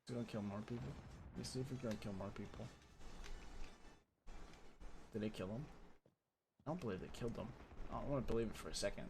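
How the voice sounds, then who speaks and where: A man's voice: on the low side, fast talker, gravelly, long pauses. Chatty gamer man, faint game noise. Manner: chatty, self-mocking, bursts of loud frustration. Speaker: gaming streamer. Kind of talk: casual gameplay commentary.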